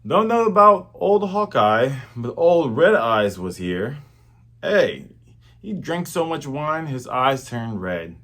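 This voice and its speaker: A man's voice: medium pitch, sing-song, takes it slowly, a bit bright. A man voicing a rowdy male cook who drawls out a gossipy tall tale.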